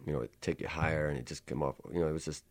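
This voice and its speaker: A man, a musician, telling a rambling studio anecdote in a relaxed, laid-back way, with many "uh"s and "man"s. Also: very deep voice, racing.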